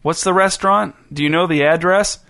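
A man's voice: high-pitched, brisk, gravelly, sharp tone, voice pushed up, heavily acted. A man voicing an earnest, slightly hurt young woman on an awkward date, in a storybook reading. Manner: earnest, hurt, a bit defensive.

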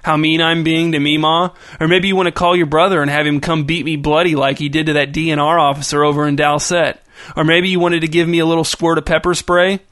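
A man's voice: a little high, level tone, quick pace, fairly bright tone, no room sound, clean studio sound, close to an everyday voice. A man voicing a sullen, volatile nineteen-year-old who erupts into screaming. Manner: sulky, bursts into screaming.

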